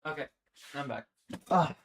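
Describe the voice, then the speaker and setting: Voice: medium pitch, lively intonation, a little slow, husky. Tired, rambling, swearing young streamer. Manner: rambling, swears a lot, restarts sentences. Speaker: live streamer reading chat. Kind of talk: casual live-stream chat.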